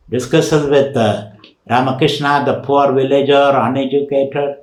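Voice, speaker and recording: A man's voice: medium pitch, reverberant, poor audio. A man giving a spiritual lecture as a swami, teaching emphatically with rhetorical questions and recited Sanskrit verses.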